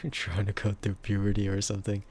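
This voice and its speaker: A man with a husky, bassy voice chatting casually with stream viewers and laughing often between remarks. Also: completely flat delivery, moderate pace, a little mellow, a little hiss or hum. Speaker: VTuber streamer.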